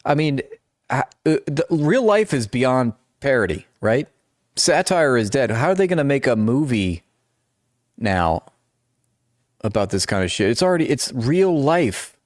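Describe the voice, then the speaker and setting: A man's voice: medium pitch, sing-song, a little slow, no room sound, clean studio sound. A man running a live-stream commentary, reading articles aloud and breaking off into sarcastic, mocking asides.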